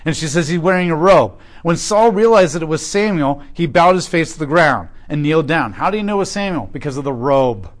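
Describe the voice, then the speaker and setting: A male pastor teaches through a scripture passage in an energetic sermon style. His voice sits a little on the high side, and he leans hard into key phrases. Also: brisk, hardly any pauses. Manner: emphatic, rising and falling in loudness when reading scripture. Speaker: pastor teaching a Bible class.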